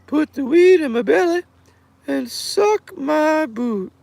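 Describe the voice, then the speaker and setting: A man voicing a goofy little male glass pipe creature in a high, drawn-out falsetto. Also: lively intonation, gravelly, darkish tone, dry recording, heavily acted. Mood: goofy chanting.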